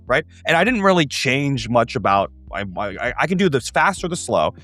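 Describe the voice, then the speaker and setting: A man hosting a tabletop gaming show, explaining ideas in an animated, casual way with quick asides. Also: mid-range voice, soft background music.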